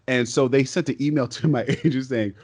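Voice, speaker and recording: A man, a stage and voice actor, telling stories as a podcast guest in an excitable, talkative way. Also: medium pitch. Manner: talkative and excitable, quick bursts and restarts. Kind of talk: casual podcast interview storytelling.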